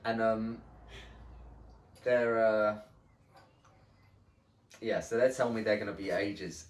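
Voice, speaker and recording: Brief: low-pitched male podcast storyteller, animated and sweary, recorded off-mic in a roomy space. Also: slow pace, distant mic. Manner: animated, swears often, acts out the people in his story. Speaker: podcast host. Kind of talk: casual storytelling.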